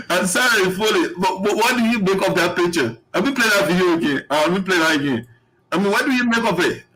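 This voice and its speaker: A man's voice: high-pitched, lively intonation, quick pace, heavy background noise. Guy hosting live show, reads comments, kinda rambly and chatty. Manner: rambling, laughs often, reads out viewer comments. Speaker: host. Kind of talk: live online talk show.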